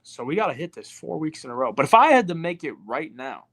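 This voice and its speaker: A man's voice: on the high side, sing-song, quick pace, fairly bright tone, no room sound. A young man hosting a show, answering chat questions in a slangy, profane, laid-back way. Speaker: podcast host reading live chat. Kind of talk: casual chat.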